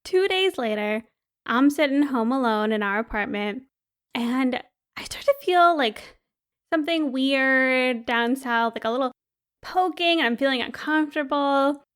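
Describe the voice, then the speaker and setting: A young woman with a high voice co-hosts a podcast, recounting a story in easygoing chat. She is animated and breaks into laughter often as she talks. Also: unhurried, smooth. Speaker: podcast co-host.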